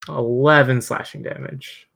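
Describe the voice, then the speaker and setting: Very low-voiced woman asking about rules. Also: fairly even intonation, unhurried, creaky. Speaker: player. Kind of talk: casual tabletop game play.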